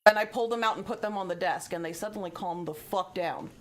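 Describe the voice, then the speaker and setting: A young adult woman streaming, telling stories in a casual, animated way, swearing freely and acting out the people she quotes. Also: lowish voice, fast talker. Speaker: live streamer. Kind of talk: casual storytelling chat.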